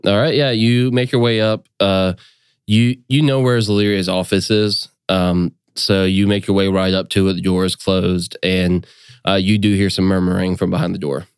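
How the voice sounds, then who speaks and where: A man with a low, smooth, resonant voice narrates a tabletop fantasy game as game master. He talks in an easygoing, relaxed way with plenty of fillers. The recording is dry and close. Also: normal speed, dry recording.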